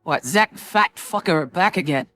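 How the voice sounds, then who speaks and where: A woman's voice: low-pitched, lively intonation, measured pace, a bit bright, soft background music, voice pushed up. A game master voicing a blunt, mocking tavern woman in a tabletop game. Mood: annoyed.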